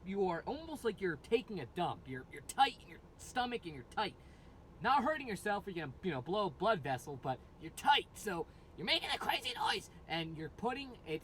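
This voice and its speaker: Rambling man with a higher voice. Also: a bit bright, slight background noise. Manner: loose, rambling, many fillers and restarts. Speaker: metal band vocalist. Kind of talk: casual vocal tutorial.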